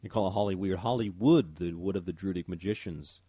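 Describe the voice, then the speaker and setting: A man's voice: low voice, brisk, mellow, slightly rough, no echo. A man hosting a talk radio show, rambling and stumbling over his words as he comments. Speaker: radio host.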